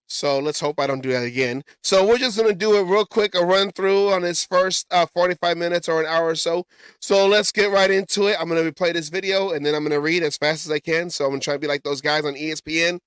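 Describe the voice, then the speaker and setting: A man's voice: on the high side, a bit bright, clean tone, dry recording, clean studio sound. A man hosting a casual sports talk show, rambling and often stumbling and correcting himself. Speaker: podcast host.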